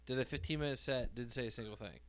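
A man's voice: mid-range voice, fast talker, a bit bright, clear, resonant tone. A man co-hosting a comedy podcast, teasing and egging his friends on. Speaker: podcast co-host. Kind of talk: casual chat.

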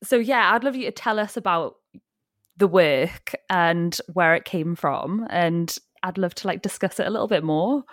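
A woman's voice: on the low side, normal speed, no echo, studio quality. A woman from the coast, hosting a panel chat in a bubbly, giggly, rambling way. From North East England coast. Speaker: panel host. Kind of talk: casual panel discussion.

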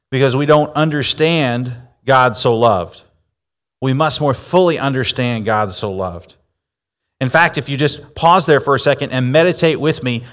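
A man delivers a sermon from the pulpit, reading a scripture passage aloud and then explaining it step by step. His voice sits at an ordinary middle pitch, and his manner is measured and teaching. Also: a bit bright. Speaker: pastor.

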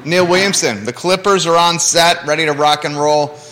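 Teasing male co-host, a bit high. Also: normal speed, fairly bright tone, big-room sound, a little hiss or hum. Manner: teasing, laughing, reads viewer comments aloud. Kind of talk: casual live chat show banter.

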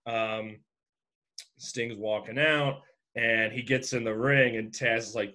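A man's voice: mid-range voice, steady tone, slow, bright, forceful tone. A man co-hosting a podcast, recapping in casual chat with many fillers and restarts. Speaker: podcast co-host.

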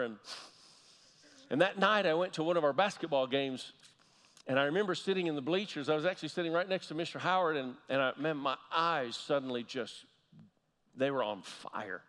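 A man preaching a sermon as pastor, telling a story and slowly repeating key phrases for emphasis. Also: on the high side, a bit bright. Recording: long hall reverb.

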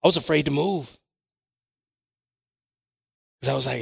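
A man preaching a sermon to his congregation, moving between quiet prayer, personal stories told with acted asides, and loud, shouted preaching. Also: on the high side, a little slow, creaky, slightly rough. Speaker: pastor.

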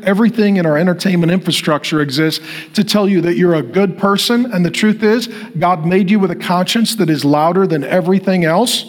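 A high-voiced man preaching to his congregation as their pastor. He builds his points through repeated rhetorical lines toward emphatic declarations. On solemn phrases he drops soft and slow. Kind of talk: sermon.

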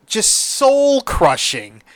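Slow-talking, emotional man host. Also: extremely high pitch, huge pitch swings, no echo. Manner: emotional, swearing, rambling with many restarts. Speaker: podcast host. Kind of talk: casual solo chat.

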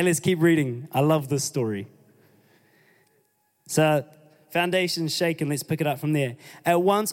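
A man's voice: a little high, darkish tone. A man preaching a sermon, reading scripture and urging his congregation on with emphatic exhortations. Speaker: pastor. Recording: long hall reverb.

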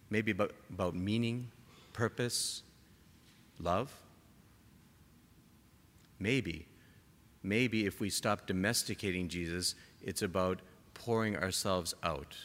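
A man preaching a sermon to a gathered congregation, impassioned, rising to emphatic peaks and dropping to soft, quiet lines. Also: sits low. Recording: long hall reverb.

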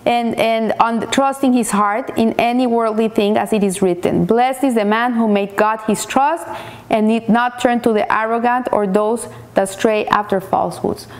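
Halting woman giving a weekly Torah talk. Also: on the high side. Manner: halting restarts, repeats words while searching. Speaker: Torah teacher.

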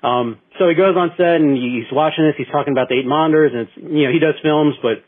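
A podcast co-host with a fairly high voice talks fast while telling a long story on a casual talk show, full of restarts and fillers. The chat sounds tinny, like phone-quality internet radio.

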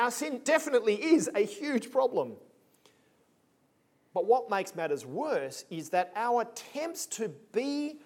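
A man's voice: high-pitched, darkish tone. A man preaching a sermon in a conversational, emphatic way with punchy asides.

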